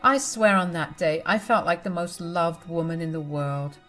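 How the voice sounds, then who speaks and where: A woman's voice: fairly low pitch, moderate pace, a bit bright, soft background music. A young adult woman narrating a first-person family drama story, confiding and emotional, speaking straight to her listeners.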